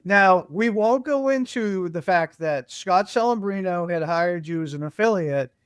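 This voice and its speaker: An enthusiastic male podcast host with a high, bright-sounding voice, recorded dry and close with no room sound. He sums up his guest's points with plain energy. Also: expressive, a little slow, clean tone, dry recording. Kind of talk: casual interview.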